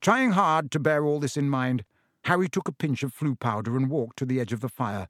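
A man's voice: medium pitch, a little fast, a bit bright, dry recording. Dry, close male audiobook narrator.

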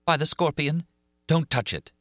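A man's voice: on the high side, moderate pace, a bit bright, no echo, clean studio sound, voice pushed up, close to an everyday voice. A man voicing a frightened young woman who pleads urgently.

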